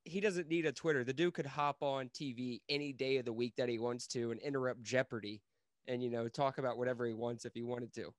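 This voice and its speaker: A man's voice: mid-range voice, fairly even intonation, fast talker, dry recording, studio quality. A young man co-hosting a podcast, talking in a brash, casual way, swearing often and laughing between lines. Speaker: podcast co-host. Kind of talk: casual profane chat.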